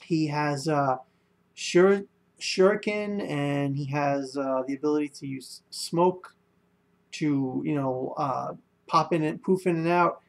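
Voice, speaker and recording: A man's voice: on the high side, steady tone, measured pace, vocal fry. A young man giving a casual spoken manga review, rambling with lots of fillers and restarts.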